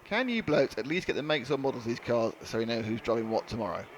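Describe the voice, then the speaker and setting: A man's voice: medium pitch, sing-song, quick pace. A man doing live race commentary, chatty and joking with his co-commentator. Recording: light background noise.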